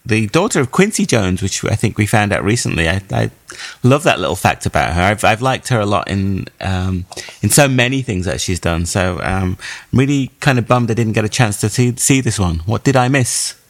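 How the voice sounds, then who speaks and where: A man's voice: lowish voice, lively intonation, moderate pace, no room sound. A man co-hosting a film podcast, chatting casually and teasing his co-hosts with a laugh. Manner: jokey, laughs often, teasing. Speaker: podcast co-host, film reviewer. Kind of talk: casual chat.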